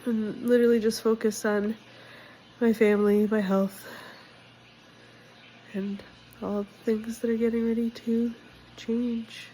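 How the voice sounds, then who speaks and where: A woman's voice: on the high side, flat delivery, measured pace, pauses often, warm tone, slight background noise, poor audio. A young woman vlogging casually about her life, candid and direct, emotional and sick with a cold. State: sick, congested. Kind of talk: casual personal vlog.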